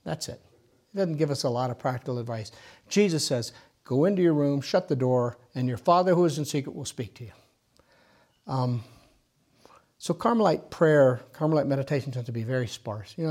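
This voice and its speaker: A man guides a small group through prayer meditation. His voice sits at an ordinary pitch, gentle and teacherly. Now and then he drops to a near whisper as he leads the listeners inward. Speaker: meditation leader.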